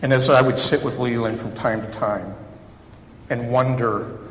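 A man's voice: mid-range voice, fairly even intonation, measured pace. Man preaching a reflective sermon in an echoey hall. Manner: conversational and reflective, with self-deprecating humor. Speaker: chaplain preaching. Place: church sanctuary. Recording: echoey hall reverb, faint background noise.

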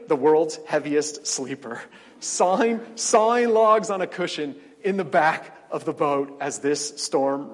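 A man's voice: fairly high pitch, big-room sound. A middle-aged male pastor preaching a sermon, storytelling with dramatic swells and wry asides.

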